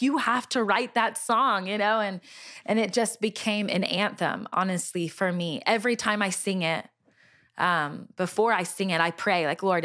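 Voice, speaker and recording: Earnest storytelling middle-aged woman. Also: medium pitch. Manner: animated, earnest storytelling with many fillers and restarts. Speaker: Christian singer sharing a testimony. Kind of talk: personal storytelling in conversation.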